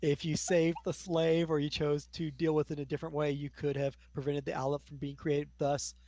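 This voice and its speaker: A man's voice: fairly high pitch, level tone, brisk, mellow. A man acting as game master, narrating scenes in a casual tabletop role-playing session. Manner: casual, describing scenes at length.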